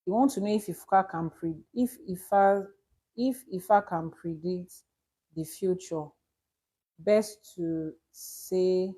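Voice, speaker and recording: A woman's voice: mid-range voice, darkish tone, breathy edge. A Nigerian woman, an Ifa priestess, teaching on a live stream and answering viewers' questions, explaining with examples and repeating her key points. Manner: explains with examples and repetition, emphatic.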